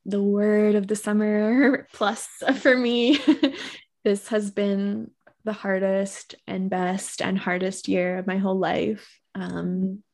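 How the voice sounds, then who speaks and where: A young adult woman, a poet guest, speaking earnestly and reflectively and reading her poem in a soft voice. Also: mid-range voice, flat delivery, slow pace. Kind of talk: conversational interview and poetry reading.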